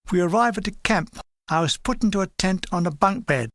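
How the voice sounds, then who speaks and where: A man reading a memoir aloud as an audiobook, in a steady, understated storytelling manner. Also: high-pitched, moderate pace, no room sound, studio quality. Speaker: reader.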